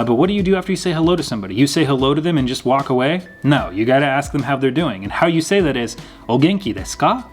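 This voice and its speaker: A young man teaching a language lesson, patiently repeating words slowly and clearly. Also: on the high side. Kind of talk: explaining lesson.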